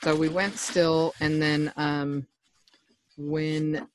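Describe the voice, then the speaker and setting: A man's voice: on the high side, flat delivery, extremely slow, a little hiss or hum. A man co-hosting a podcast, chatting casually in a rambling way and laughing often. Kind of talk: casual chat.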